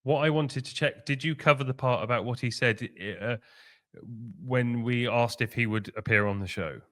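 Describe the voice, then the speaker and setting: A man's voice: medium pitch, fairly bright tone. Blunt, out-of-breath man. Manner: blunt, brisk, talks over his co-host. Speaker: podcast co-host. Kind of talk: casual podcast chat.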